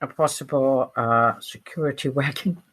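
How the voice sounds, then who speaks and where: An older woman, a writer giving a guest interview, telling animated stories and acting out the voices of people she quotes. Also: very deep voice, moderate pace. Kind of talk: storytelling in an interview.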